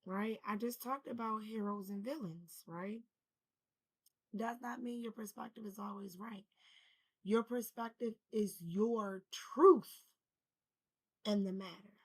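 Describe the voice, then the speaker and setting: A woman's voice: medium pitch, slow, long pauses, poor audio. A woman feeling unwell, talking loosely and conversationally to her viewers about spiritual balance, rambling and calling them y'all. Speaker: spiritual vlogger. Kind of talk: casual spiritual talk to camera.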